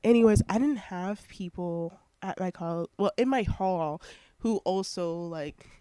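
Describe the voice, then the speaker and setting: Speaking into a headset microphone at home, this college-age vlogger has a warm, smooth, mid-range voice with a measured pace and no echo. The talk wanders, packed with fillers and self-interruptions, and the nose is clearly blocked, with frequent sniffles.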